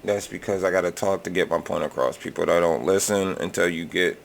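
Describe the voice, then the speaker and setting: Deep-voiced man, reaction host, drawling, profane, loose and rambling. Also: steady tone, fairly quick, vocal fry, slight background noise. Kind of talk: casual reaction commentary.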